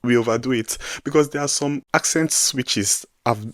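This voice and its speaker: A young man from Nigeria with a Nigerian accent, talking casually to camera in an animated, emphatic way. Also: medium pitch, moderate pace, dry recording, clean studio sound. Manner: animated, emphatic, with playful mock-quotes. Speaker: vlogger.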